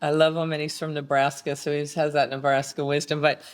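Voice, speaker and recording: A woman's voice: low voice, level tone, a little fast. A woman co-hosting an interview podcast, telling stories in a chatty way and laughing easily. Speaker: podcast co-host. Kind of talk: casual interview talk.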